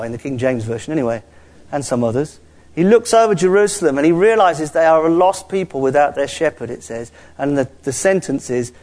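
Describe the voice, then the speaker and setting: A man preaching a sermon, swinging between quiet asides and rising exclamations. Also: fairly high pitch.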